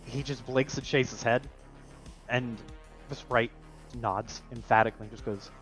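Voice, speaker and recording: A man's voice: medium pitch, steady tone, normal speed, long pauses, fairly bright tone, soft background music. A man narrating a tabletop role-playing game as game master, in a casual style full of fillers.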